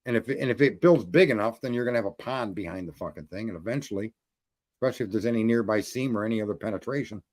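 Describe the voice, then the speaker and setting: A man's voice: lowish voice, racing, a little mellow, no echo. A man in casual chat, telling a roofing story in a blunt, profane way. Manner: storytelling, profane, talks through trade details.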